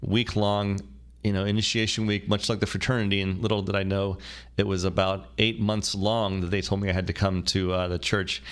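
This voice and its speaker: A man's voice: on the low side, flat delivery, brisk, smooth. A man hosting a podcast in casual chat, rambling and joking with many fillers and restarts. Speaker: podcast host. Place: new studio with construction noise.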